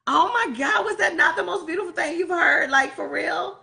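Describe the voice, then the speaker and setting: A woman's voice: very high voice, normal speed, creaky, sharp tone. A woman hosting a live stream show, gushing and effusive in casual chat.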